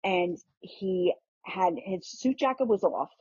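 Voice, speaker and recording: A middle-aged woman, a guest host, telling a family story in casual chat, animated, with frequent restarts and casual swearing. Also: on the low side, takes it slowly, husky, dry recording. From New York. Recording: muffled lo-fi podcast audio.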